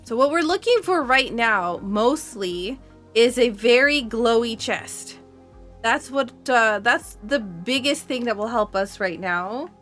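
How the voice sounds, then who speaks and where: Chatty, laughing woman speedrunner, higher voice. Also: lively intonation, takes it slowly, a bit bright, soft background music. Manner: chatty, laughs often, many fillers. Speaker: speedrun player. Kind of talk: live gameplay commentary.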